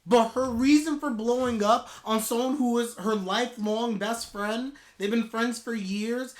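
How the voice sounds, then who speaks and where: A man ranting in a live anime reaction, heated and exasperated, with sudden loud outbursts. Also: very high-pitched, a little slow, hardly any pauses.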